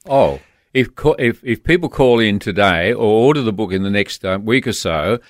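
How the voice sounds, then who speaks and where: A man's voice: lowish voice, expressive, no room sound, studio quality. An Australian man, a guest author, telling personal stories earnestly in a radio interview, often restarting his sentences. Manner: earnest, halting with many restarts.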